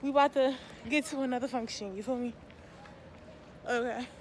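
Young woman vlogger, slangy, laid-back, higher voice, noisy phone audio outdoors. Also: fairly even intonation, moderate pace. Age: young adult. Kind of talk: casual vlog chat. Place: outdoors on a college campus at night.

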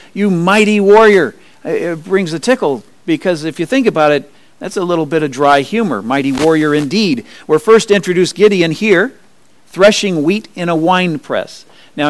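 Guy preaching a sermon, kinda high voice, dry sound, goes up loud then drops quiet. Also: dry recording. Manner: expressive, rises high for emphasis and drops low and quiet. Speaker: pastor. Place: church.

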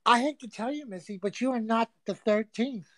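A loud, crude woman chatting on a casual livestream from inside a home. She teases and swears freely in brash, playful banter. Her voice sits at an ordinary middle pitch and sounds dry and close, with little room echo. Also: normal speed. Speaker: livestream host. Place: a friend's home.

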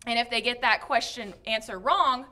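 Lively, bright-voiced woman hosting a game. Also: on the high side, normal speed. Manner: animated, laughing, jokey. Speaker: guest game show host. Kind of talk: playful TV game show hosting.

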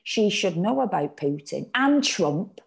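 A woman voicing a blunt, bossy older working-class grandmother who shouts and insists. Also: mid-range voice, very animated, measured pace, vocal fry. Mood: scornful. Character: aging working-class mother, loud, scornful, bossy.

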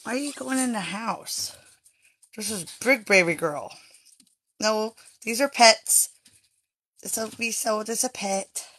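A woman's voice: on the high side, takes it slowly, long pauses, a bit bright, slightly rough. A woman chatting casually to viewers on a phone livestream at home, talking straight to them. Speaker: livestreaming chinchilla breeder. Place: home with stairs. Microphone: handheld phone.

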